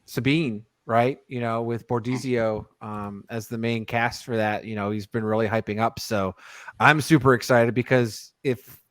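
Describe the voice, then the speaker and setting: A man's voice: mid-range voice, steady tone, moderate pace, a bit bright, dry recording. A man co-hosting a podcast in casual chat, rambling and digressive with lots of fillers. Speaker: podcast co-host.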